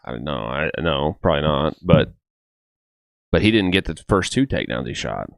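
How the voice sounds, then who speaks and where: A man with a very low, smooth voice, talking through a fight in casual chat and thinking out loud as he goes. The recording is dry and close to the mic. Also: big pitch swings, dry recording. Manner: measured, thinks out loud with restarts. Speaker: podcast co-host.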